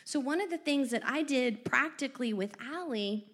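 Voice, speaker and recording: High-voiced animated woman storyteller. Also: moderate pace. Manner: animated storyteller with lively asides. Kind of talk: casual faith-based parenting chat.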